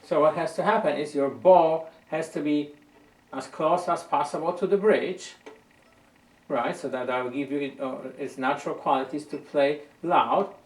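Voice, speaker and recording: This violin teacher speaks at an ordinary pace with a slightly high voice. He coaches patiently and tends to repeat words as he works out how to phrase his points. Captured by a distant mic, the audio sounds roomy.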